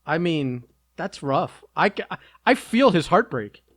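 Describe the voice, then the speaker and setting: A man's voice: on the high side, very animated, slow pace, a bit bright, dry recording. A man co-hosting a podcast, reacting with dry, teasing remarks in casual chat. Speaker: podcast co-host.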